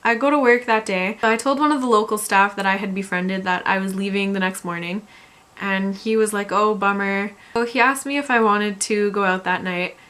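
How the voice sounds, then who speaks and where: A young woman telling a storytime vlog in an exasperated, animated way. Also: medium pitch, brisk. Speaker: vlogger.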